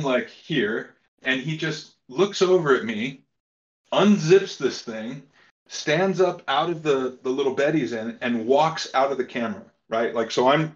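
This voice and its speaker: A man, a podcast guest, telling a personal story in a casual, halting way with lots of fillers and restarts. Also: medium pitch. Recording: slightly dull lo-fi sound.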